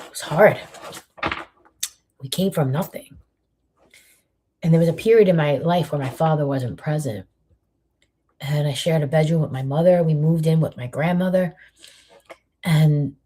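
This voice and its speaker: A woman shares a reflective motivational message. Her voice is low and mellow, with a husky grain, and she keeps it soft and intimate, often sinking almost to a whisper. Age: 50s. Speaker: host giving a monthly inspirational message.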